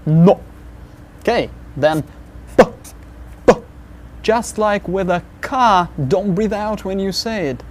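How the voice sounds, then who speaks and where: Slow, patient man teaching letter sounds. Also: high-pitched, lively intonation, slight background noise. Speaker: language teacher. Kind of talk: alphabet lesson.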